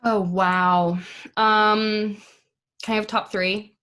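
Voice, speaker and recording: A woman's voice: mid-range voice, level tone, extremely slow, fairly bright tone. A woman speaking as an actress guest in a casual interview, chatty, with many fillers and easy laughs. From United States.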